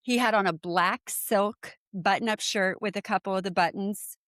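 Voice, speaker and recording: A woman in her forties from San Diego, telling a personal story as a podcast guest and acting out what people said with lively jumps in her voice. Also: moderate pace, no room sound, studio quality. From San Diego, USA. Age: 40s. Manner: animated, acts out quoted speech with big pitch jumps, lots of fillers. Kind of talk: casual storytelling in conversation.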